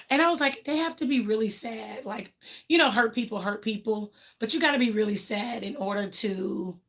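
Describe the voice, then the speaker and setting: A woman's voice: fairly high pitch, moderate pace, fairly bright tone. A woman hosting a livestream, talking candidly and emphatically in colloquial speech, acting out what other people said and laughing between her points. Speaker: livestream host. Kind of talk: casual personal talk on a livestream.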